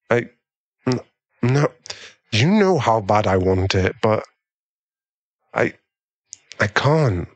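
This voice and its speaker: A man voicing an affectionate young millionaire boyfriend in an ASMR role-play, talking in a hesitant, halting way. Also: lowish voice, no echo. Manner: hesitant, halting, softly pleading. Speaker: ASMR performer.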